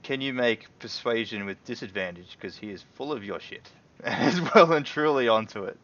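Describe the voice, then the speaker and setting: A man's voice: medium pitch, normal speed. A man narrating as game master, telling the scene with frequent laughs. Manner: laughing often, animated storytelling. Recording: dull lo-fi stream audio.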